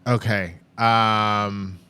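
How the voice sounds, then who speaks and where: A man's voice: fairly low pitch, little pitch movement, extremely slow, bright, forceful tone, clean tone. A man in a casual film discussion who explains things thoughtfully and quotes movie lines. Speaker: guest.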